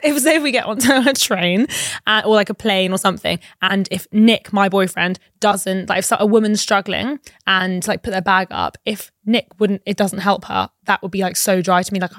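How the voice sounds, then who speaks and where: Young girl guesting on a podcast, lively and giggly, middle pitch, very dry mic. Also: brisk, no echo. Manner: animated, giggly storyteller. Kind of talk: casual chat.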